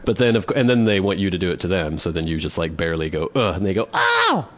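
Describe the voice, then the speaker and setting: A man's voice: low-pitched, very fast. A young man co-hosting a comedy podcast, telling stories in casual chat and mimicking grunts and yelps. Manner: animated storytelling, mimics women's grunts. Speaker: podcast co-host.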